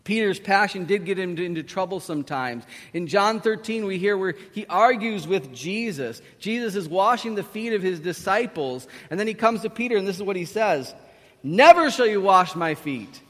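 An animated male preacher tells a storytelling sermon and acts out the quotes. His voice sits fairly high, and a long hall reverb lingers after his words. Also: moderate pace, few pauses.

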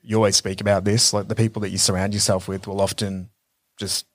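Podcast co-host, man in his 30s, low-pitched, reflective and rambling, dry close sound. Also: little pitch movement, quick pace, no room sound. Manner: reflective storytelling with many fillers. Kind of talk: casual conversational chat.

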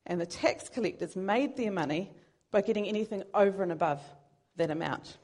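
In a sermon delivered with earnest, conversational warmth, a woman sometimes turns the joke on herself. Her voice is mid-range with a darkish tone.

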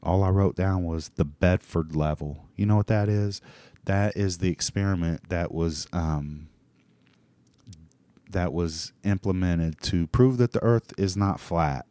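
Low, dark-voiced man rambling profanely. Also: measured pace, smooth, dry recording. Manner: profane, meandering, frequent restarts and fillers. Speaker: podcast host. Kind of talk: rambling solo monologue.

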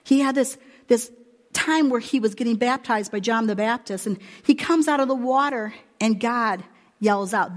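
A woman's voice: on the high side, moderate pace. Woman preaching in a reverberant space. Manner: conversational storytelling, emphatic. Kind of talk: sermon.

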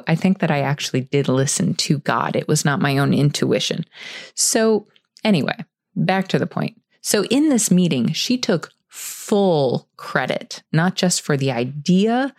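Candid woman host with a low voice. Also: a little mellow, no echo, clean studio sound. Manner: candid, conversational, self-correcting. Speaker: podcast host. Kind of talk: storytelling career advice.

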